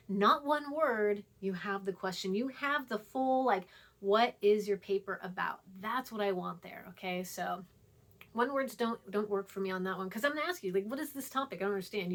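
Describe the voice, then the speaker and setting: A woman college writing instructor giving a recorded online lecture in a chatty, emphatic way, repeating herself and dropping into a hushed voice for asides. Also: mid-range voice.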